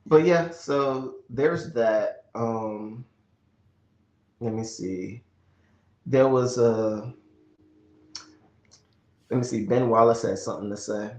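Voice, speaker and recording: A man's voice: medium pitch, slow, long pauses, darkish tone. Man talking sports in echoey room. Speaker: podcast co-host. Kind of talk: casual sports chat.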